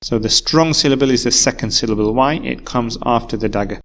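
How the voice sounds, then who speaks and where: A man's voice: mid-range voice, fairly quick, fairly bright tone. A man teaching a recorded English vocabulary lesson, explaining patiently and repeating key words. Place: university course video.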